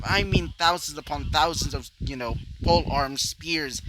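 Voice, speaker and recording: A man's voice: on the high side, moderate pace, hardly any pauses. Rambling young man narrating a fan story. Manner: rambling, many fillers and asides. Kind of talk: improvised fan fiction narration. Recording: loud background noise.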